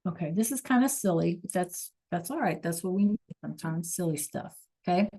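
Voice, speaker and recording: A woman's voice: on the low side, lively intonation, fairly quick, dark tone. A woman teaching an online Spanish class over a video call, encouraging students to answer in the chat.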